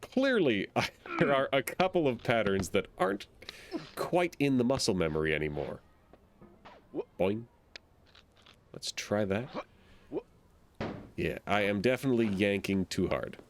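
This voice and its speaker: A man's voice: fairly low pitch, sing-song, a little slow, long pauses, a little hiss or hum. A man streaming a game, rambling casually and playfully and making silly sound effects between thoughts. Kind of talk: casual gameplay commentary.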